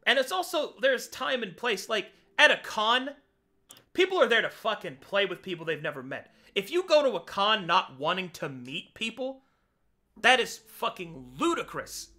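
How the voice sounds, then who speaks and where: Fired-up man ranting, bright high voice. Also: sing-song, normal speed. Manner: heated, swearing rant. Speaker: tabletop game player. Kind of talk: casual chat.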